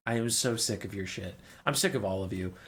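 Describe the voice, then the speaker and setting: A man voicing an arrogant, weary old elf mage who is dismissive and sick of everyone, in a lower, quieter voice than his own. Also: a little fast, a little hiss or hum, natural voice. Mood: disdainful weary. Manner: contemptuous, tired, dismissive.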